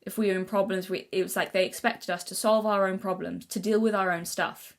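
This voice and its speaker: A woman's voice: medium pitch, steady tone, a little fast. A young woman vlogging in casual unscripted talk, earnest and rambling, with many restarts and self-corrections. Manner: earnest, thinking aloud.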